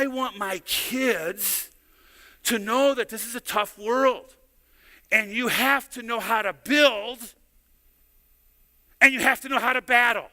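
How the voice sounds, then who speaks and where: A middle-aged male pastor with a very high, sharp-toned voice preaches a sermon in a church sanctuary, and the recording has long hall reverb. He tells stories conversationally and frequently repeats words.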